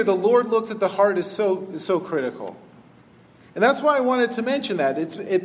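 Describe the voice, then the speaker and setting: A man with a high, light voice delivers a casual, animated sermon. His words ring out with a long hall reverb around them. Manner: animated, conversational, acts out voices in retellings. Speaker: pastor.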